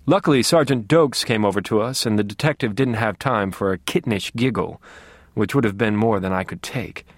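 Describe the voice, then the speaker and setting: A man's voice: on the low side, brisk, no echo. A man narrating an audiobook in the first person with a dry, wry, understated delivery.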